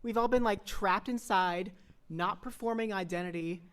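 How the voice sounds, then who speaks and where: A woman's voice: medium pitch, moderate pace, smooth. A young woman performs a stand-up set over a video call. She is giggly and self-mocking, often laughing into her own punchlines. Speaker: stand-up comedian.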